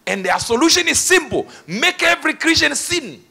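A male preacher delivering a dramatic storytelling sermon that builds up to shouted declarations. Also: extremely high pitch, very animated, moderate pace, creaky.

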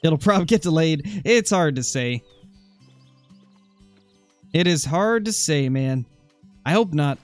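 A young man with a slightly high voice chats casually through a hunting game stream. He reads out viewers' comments and answers them in a relaxed, talkative way. Faint music plays underneath. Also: a little slow, long pauses. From Oregon, USA. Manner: chatty, answers chat comments while hunting. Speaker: gaming streamer.

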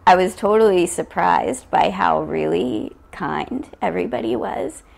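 A woman in her thirties with a low, slightly gravelly voice tells a personal story to an interviewer. She is candid and chatty, and she laughs often between her lines. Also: a little slow. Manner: laughs often while telling, animated quoted asides. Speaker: podcast guest, storyteller.

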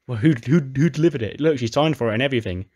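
A man's voice: mid-range voice, very fast, a little mellow, voice pushed up, close to an everyday voice. A man voicing a male delivery worker who answers in a blunt, matter-of-fact way.

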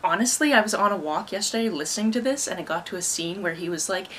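A woman's voice: mid-range voice, fast, slight background noise. A young woman from Canada casually recapping movies and books, with wry asides. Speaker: book and film vlogger.

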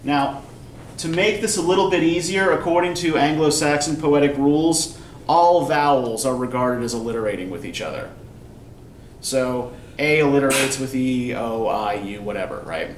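A male instructor lectures a class in a patient, explanatory way, pausing often to ask whether everyone follows. He sounds set back from the mic in an echoey classroom, with a faint hum of room noise behind him. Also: medium pitch. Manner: patient, explanatory, checks understanding with frequent "right?". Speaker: college English instructor. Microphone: recorder at a distance in the room. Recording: roomy distant classroom recording with faint background noise.

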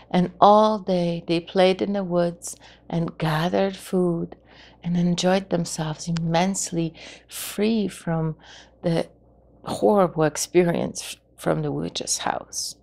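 A woman storyteller telling a folk tale in a gentle, expressive way. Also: on the low side, takes it slowly, vocal fry.

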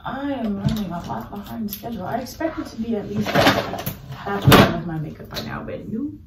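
A woman's voice: medium pitch, animated, normal speed, heavy background noise. Chatty young woman, roomy home vlog. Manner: gushing, chatty, frequent fillers and slang; drops to a whisper while doing makeup. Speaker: vlogger. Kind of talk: casual get-ready-with-me vlog. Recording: roomy, slightly distant home recording.

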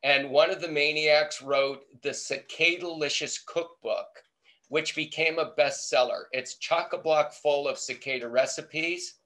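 A man's voice: fairly high pitch, fairly even intonation, a little slow, a bit bright. A middle-aged American man, an entomology professor, telling a playful story in a webinar talk. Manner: storytelling, acting out quoted voices, playful. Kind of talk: lively anecdotal talk.

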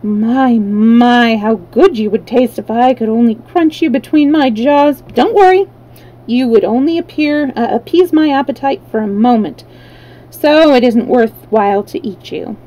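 A woman's voice: fairly high pitch, measured pace, dark tone, dull audio, lightly acted. A woman voicing a huge hungry tiger who reasons earnestly about not eating anyone. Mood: greedy. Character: hungry tiger with a gentle conscience.

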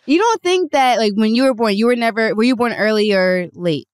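A woman with a fairly high, lively voice speaks hesitantly and giggles, with fillers, in casual podcast chat. Her voice sounds close and dry. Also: a little fast, smooth, no echo.

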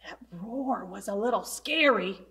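A woman who is a children's librarian, reading a picture book aloud in a playful, expressive way and acting out the animal sounds. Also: mid-range voice, a little slow.

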